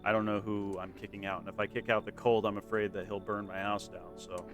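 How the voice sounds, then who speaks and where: A man's voice: fairly low pitch, little pitch movement, brisk, faint music behind. A man streaming a video game, chatting casually and swearing now and then as he plays. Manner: laid-back, swears casually. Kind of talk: casual gameplay commentary.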